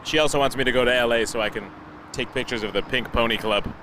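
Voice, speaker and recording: A man's voice: mid-range voice, steady tone, fast, sharp tone. Chatty man hosting a plane-spotting stream. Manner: chatty, tells family anecdotes. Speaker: livestream host. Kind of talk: live plane-spotting commentary. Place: outdoors near a busy airport. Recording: noisy outdoor livestream audio. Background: traffic and outdoor ambience.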